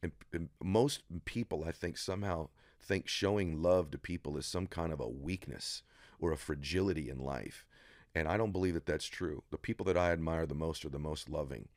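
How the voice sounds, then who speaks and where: Middle-aged man, very low voice, dry close mic, emphatic preacherly guest building intensity. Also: normal speed, no room sound. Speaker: podcast guest. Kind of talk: motivational interview talk. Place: studio room.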